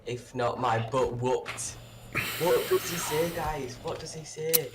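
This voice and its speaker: A man with a fairly high-pitched voice co-hosts a live game stream, speaking slowly over very noisy audio. In casual banter he reads out the chat and eagerly, teasingly pushes his friend.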